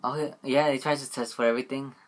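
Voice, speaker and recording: A man's voice: mid-range voice, fairly even intonation, fast talker. A young man talks straight to the camera in a loose, rambling way. He keeps circling back on himself with "like" and "you know what I mean". His voice sits in an ordinary middle range. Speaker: vlogger. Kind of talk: casual storytelling vlog.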